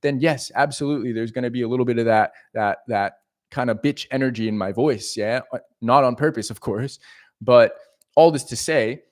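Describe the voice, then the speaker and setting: A man giving an animated, profane casual monologue as a dating coach. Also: medium pitch, normal speed.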